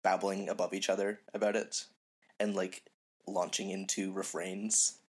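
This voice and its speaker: Very deep-voiced husky man co-host. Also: flat delivery, a little slow. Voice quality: phlegmy. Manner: dry jokey asides, hesitant restarts. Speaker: podcast co-host. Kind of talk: casual chat. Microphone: remote call.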